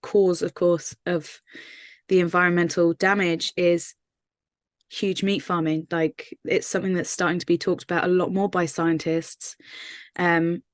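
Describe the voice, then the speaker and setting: Low-voiced earnest woman musician, dry sound. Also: flat delivery, a little slow, no room sound. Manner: earnest, thoughtful, many fillers and restarts. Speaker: singer-songwriter interviewee. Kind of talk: casual interview answers.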